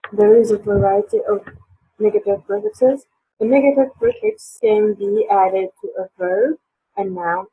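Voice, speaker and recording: A woman's voice: mid-range voice, gravelly, slightly rough, no room sound. A woman teaching an online English lesson, hesitant with many fillers, her voice sore. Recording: tinny phone-like line.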